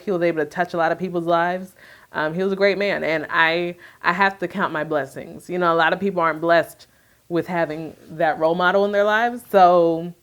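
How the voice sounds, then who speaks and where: A woman talking candidly to camera in a soft, reflective way, with many fillers. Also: fairly low pitch. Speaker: vlogger sharing her grief. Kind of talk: candid personal talk to camera.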